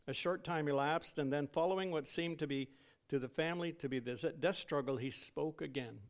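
A man's voice: fairly high pitch, normal speed. A man preaching a sermon in a solemn, dramatic way, drawing out words for emphasis.

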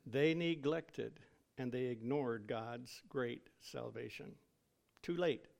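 A man's voice: medium pitch, slow pace, gravelly, a little mellow. A man preaching a sermon in a solemn, dramatic way, drawing out words for emphasis.

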